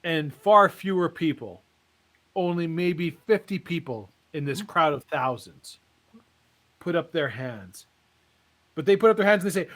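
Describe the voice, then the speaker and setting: A man co-hosting a podcast, telling a comic story as a dramatic storyteller with suspenseful pauses. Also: a little high, animated, a bit bright. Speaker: podcast co-host.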